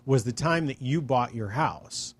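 Reflective man, unhurried chat. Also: mid-range voice, lively intonation, breathy edge. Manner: reflective, speaks at an unhurried pace with many fillers. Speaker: friend in conversation. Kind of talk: casual chat.

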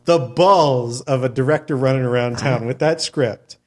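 A man chatting casually, animated and profane, acting out mock pitches in a raised voice. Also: normal speed. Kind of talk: casual chat.

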